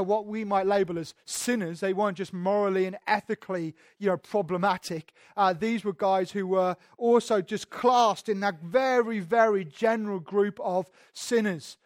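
A man's voice: high voice, no room sound, clean studio sound. A man preaching a sermon in a conversational teaching manner, speaking directly to his listeners.

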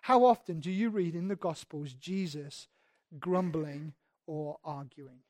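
A man whose voice sits a little high gives a sermon, moving from calm reflection to loud emphasis. He reads scripture aloud, slowing on key words, and the studio-quality audio carries no room sound.

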